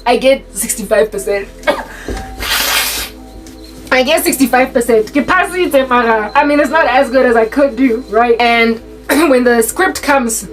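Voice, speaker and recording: A young South African woman telling a personal story in a casual, animated way, slipping in Sesotho phrases as she goes. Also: on the high side, a little slow, long pauses, soft background music, poor audio. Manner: animated, mixes in Sesotho phrases, restarts often.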